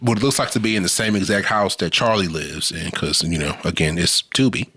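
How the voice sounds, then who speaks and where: A man co-hosting a podcast, casually recapping a movie plot in a lively storytelling way, with lots of filler words. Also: low-pitched, a little fast, breathy edge. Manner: lively storytelling with frequent "like" fillers, acts out quotes. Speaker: podcast co-host.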